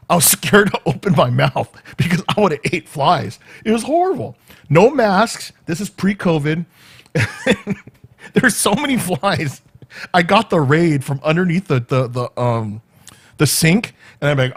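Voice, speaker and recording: Man, higher voice, very lively pitch, casual rambling storytelling at home. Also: normal speed. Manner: animated, rambling, peppered with "right?" and laughs. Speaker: vlogger.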